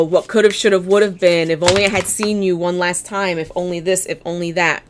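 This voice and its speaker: A woman's voice: fairly low pitch, slight background noise. A woman giving a casual tarot reading, blunt, chatty and encouraging, often restarting her sentences. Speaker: tarot reader.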